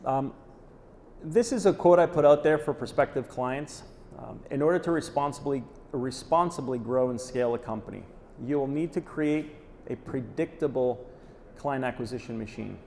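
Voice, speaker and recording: This man's voice sits on the high side, with a dark tone and a normal speaking speed. He's a conference presenter delivering a live talk in a hall, direct and punchy, frequently adding "okay?" after each point. Faint noise and hall reverb are audible.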